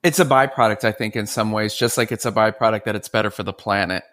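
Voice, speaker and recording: A man's voice: lowish voice, fast, fairly bright tone. A man hosting a podcast interview, playful and joking, with casual swearing. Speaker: podcast host.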